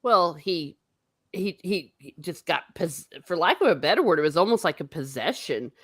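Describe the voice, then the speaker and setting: A woman's voice: lowish voice, lively intonation, normal speed, breathy edge, dry recording. A woman hosting a casual book discussion, rambling with frequent fillers and laughing often. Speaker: host of a book discussion show. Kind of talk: casual chat.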